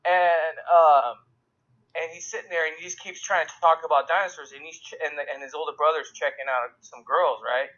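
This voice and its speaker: Young man, casual call chat, profane and mocking, slightly high voice, dull call audio. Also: steady tone, fairly quick, bright, forceful tone. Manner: rambling, profane, mocking with put-on quotes. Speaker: discussion co-host. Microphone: video call.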